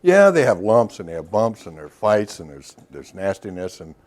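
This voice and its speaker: A man's voice: sits low, very animated, normal speed, a little mellow. A middle-aged man giving a workshop lecture in a loose, storytelling way, with asides and questions to the audience. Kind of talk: recorded lecture to a professional audience.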